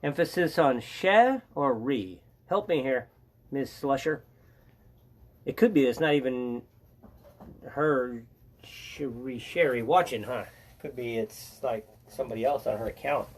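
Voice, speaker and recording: A man's voice: medium pitch, unhurried. An older man hosting a casual live educational stream, chatty and joking as he greets viewers by name.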